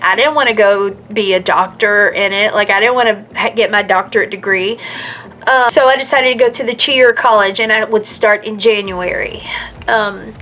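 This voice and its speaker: A woman's voice: fairly high pitch, fairly bright tone, a little hiss or hum. A woman in her mid-thirties telling her own story in a chatty, earnest way, with many fillers and restarts. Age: 30s. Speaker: vlogger. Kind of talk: casual personal storytelling.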